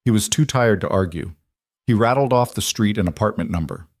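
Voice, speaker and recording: A man reading a scripted dramatic story in a steady, even narrating manner. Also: on the low side, a little fast, no echo, clean studio sound.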